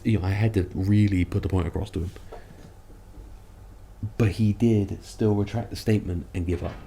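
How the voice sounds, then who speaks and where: A man's voice: low voice, steady tone, normal speed, dark tone, slight background noise. A man who makes online videos, ranting about other creators in a sarcastic, rambling, self-mocking way. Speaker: content creator. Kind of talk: ranting commentary vlog.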